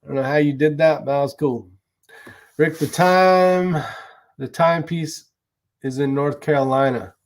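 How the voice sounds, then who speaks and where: His voice is fairly high, and he speaks unhurriedly with frequent pauses. As a livestream host he chats loosely through viewer comments, greeting people and answering questions, rambling and swearing now and then.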